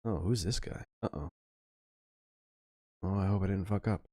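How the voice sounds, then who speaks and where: A man's voice: low-pitched, normal speed, pauses often, warm tone, no room sound, clean studio sound. A young man giving casual, chatty let's-play commentary over an old adventure game, swearing offhandedly.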